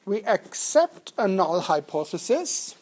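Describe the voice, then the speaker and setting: A man's voice: high-pitched, big pitch swings, slow, a little mellow. A man lecturing students in a lecture room, jokey and interactive, often putting questions to the class. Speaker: university lecturer. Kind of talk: lecturing on statistics.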